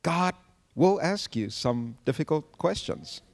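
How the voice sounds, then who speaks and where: A man preaching a sermon to a congregation, animated and humorous, often laughing as he tells stories. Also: a little high, slow pace, gravelly, long reverb tail. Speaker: pastor.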